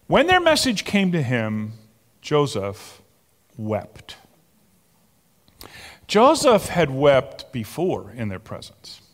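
A male pastor preaches slowly and deliberately, stretching his phrases. His pitch swings widely as he builds to emphatic points. His voice rings out with the long reverb of a large church sanctuary. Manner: slow, emphatic, rising to animated exclamations. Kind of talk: sermon.

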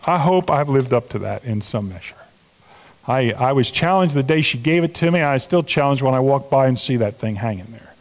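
A man's voice: medium pitch, animated, fairly quick. A middle-aged man preaching a sermon as pastor, talking earnestly to the congregation with emphatic stresses and asides. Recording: long hall reverb.

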